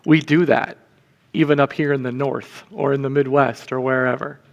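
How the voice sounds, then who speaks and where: A man's voice: medium pitch, steady tone, normal speed, creaky, dull audio. A man, a church deacon, teaching a sermon in a casual, conversational way, often checking in with his listeners. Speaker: deacon preaching. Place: church sanctuary. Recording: long church reverb.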